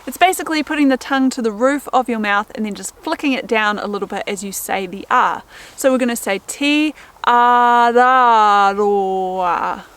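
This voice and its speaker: Woman, hiking vlogger, upbeat, clear coaching tone, slightly high voice, talking to camera. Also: a bit bright. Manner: upbeat, clear, coaching tone, slows to spell out sounds. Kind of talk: instructional vlog talk to camera.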